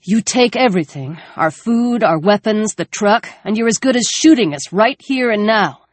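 Pleading soldier, male, desperate and urgent, woman reader doing the voice, pushed up high and loud. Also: animated, normal speed, dry recording.

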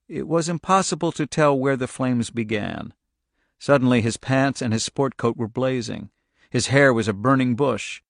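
A man reading a novel aloud as an audiobook narrator, telling the story in a steady, measured way. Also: mid-range voice, creaky, no echo, clean studio sound. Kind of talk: scripted narration.

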